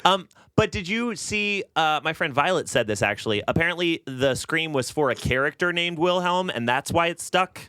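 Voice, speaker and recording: A man with a fairly high, bright voice co-hosts a podcast, giggling and mocking himself as he gets excited. The sound is dry and close to the mic. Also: normal speed, few pauses, clean tone, no room sound. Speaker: podcast co-host. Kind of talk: casual comedic chat.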